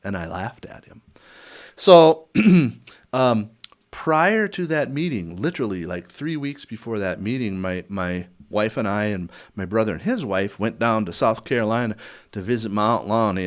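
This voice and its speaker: An older man with a lowish voice shares memories as a podcast guest. He tells them as an animated story, slipping into voices for the people in it, chuckling and restarting as he goes. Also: moderate pace. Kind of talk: storytelling in a conversational interview.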